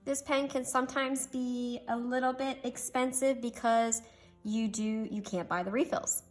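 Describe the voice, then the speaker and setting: A woman's voice: fairly high pitch, fairly even intonation, unhurried, faint music behind. A young woman chatting casually through a pen review, gushing and making self-deprecating asides. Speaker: stationery reviewer.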